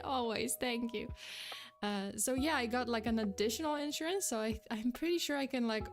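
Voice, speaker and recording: A tired woman streamer in casual livestream chat, low-energy and chatty, greeting viewers by name and laughing often, getting a little out of breath.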